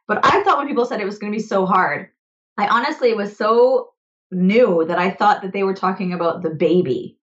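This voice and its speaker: Lively laughing woman, slightly muffled audio. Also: medium pitch, brisk. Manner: animated, laughs often, acts out her own inner voice. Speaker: podcast guest, author and grief coach. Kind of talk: casual conversational interview.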